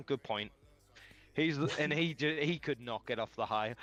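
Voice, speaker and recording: A man's voice: medium pitch, a little fast, fairly bright tone, highs cut off. Guy on a stream bragging about pranks, laughs a lot, swears, faint music in the background. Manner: teasing, laughing storytelling with lots of swearing. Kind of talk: casual chat.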